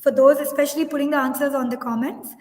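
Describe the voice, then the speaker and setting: High-voiced woman presenting a teaching webinar. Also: steady tone, fast talker, a little mellow. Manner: explanatory, reads out poll results, self-corrects. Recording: echoey room with long reverb.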